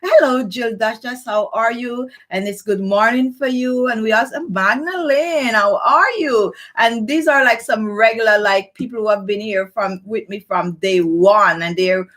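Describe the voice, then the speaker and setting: A middle-aged woman with a slightly high voice hosts a live beauty stream. She sounds very tired but stays chatty, rambling warmly and personally through her talk with plenty of fillers. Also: measured pace, few pauses. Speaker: beauty vlogger hosting a live show. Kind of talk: chatty live stream, greeting viewers by name.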